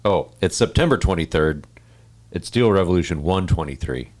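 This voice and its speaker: A man with a low voice co-hosts a podcast and chats casually. He jokes around with his co-hosts and chuckles often. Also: expressive, normal speed, darkish tone. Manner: laid-back, chuckling banter. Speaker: podcast co-host. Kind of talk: casual chat.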